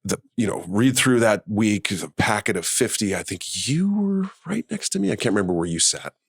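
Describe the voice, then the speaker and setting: A middle-aged man with a low voice that swings widely as he tells stories, quoting people in a raised voice. He talks close to the mic in a dry room. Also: sing-song, moderate pace, creaky, slightly rough, dry recording. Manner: chatty storyteller, acts out quotes in a higher voice. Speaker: guest. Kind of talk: casual conversation.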